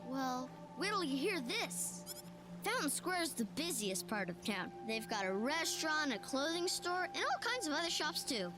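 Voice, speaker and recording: A woman's voice: high-pitched, big pitch swings, moderate pace, pitched above the performer's own voice. A woman voicing an eager, boastful young boy acting as a tour guide over game music. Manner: boastful, show-off. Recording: game music playing behind.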